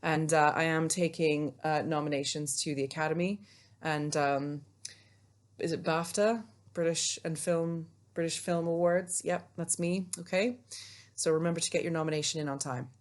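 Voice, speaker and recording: A woman's voice: low-pitched, steady tone, moderate pace. A woman teaching a remote English lesson alone, chatty and self-mocking as she explains step by step. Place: alone, recording for students at home.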